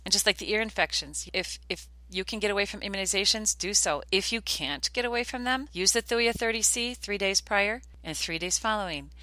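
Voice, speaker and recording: Chatty older woman, bright voice. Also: mid-range voice, brisk, hardly any pauses, dry recording. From United States. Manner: earnest, chatty storyteller. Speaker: podcast host. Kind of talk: casual podcast talk.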